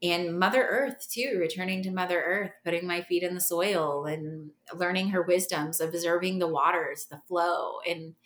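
A woman with a lowish voice tells her story as a podcast guest and acts out what others said. She talks in a lively, laughing way, and a roomy echo hangs around her words. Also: moderate pace, few pauses. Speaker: podcast guest, massage therapist.

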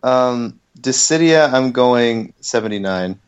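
A man's voice: mid-range voice, lively intonation, slow, clean tone, dull audio. A man co-hosting a casual gaming podcast, teasing the others dryly. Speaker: podcast co-host.

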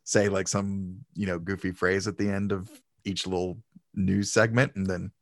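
A man's voice: sits low, level tone, normal speed, no room sound, studio quality. A man hosting a podcast in casual, upbeat chat, laughing often. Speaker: podcast host.

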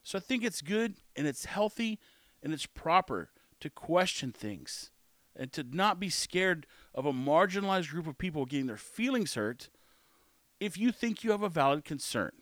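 Sarcastic male host, blunt monologue, slightly high voice, dry close mic. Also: sing-song, moderate pace, fairly bright tone, dry recording. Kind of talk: opinionated monologue.

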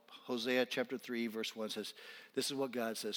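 A man preaching a sermon as a pastor in a church, swinging from intense, almost shouted appeals down to quiet, soft-spoken lines. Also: medium pitch, steady tone, moderate pace, long reverb tail. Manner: impassioned, rising to near-shouting then dropping quiet. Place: church sanctuary.

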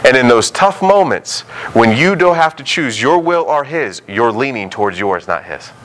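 A man's voice: medium pitch, very animated, normal speed, a bit bright, rough recording. A man preaching a sermon in a conversational way, now and then acting out the voices of biblical figures. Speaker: pastor.

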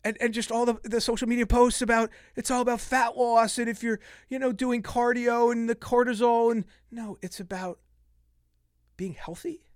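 A man's voice: very high-pitched, flat delivery, brisk, hardly any pauses, smooth, dry recording, studio quality. A man in his fifties hosting a solo fitness podcast, talking passionately and getting worked up as he vents. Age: 50s. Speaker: podcast host.

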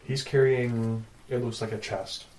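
A man's voice: medium pitch, fairly even intonation, a little slow, darkish tone. A man running a tabletop game as game master, giving brief, matter-of-fact rulings. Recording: roomy, distant mic, faint noise.

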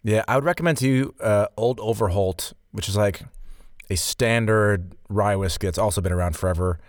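Low-voiced, easygoing podcast co-host man. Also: moderate pace, no room sound, studio quality. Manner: easygoing, joking, rambling. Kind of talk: casual chat.

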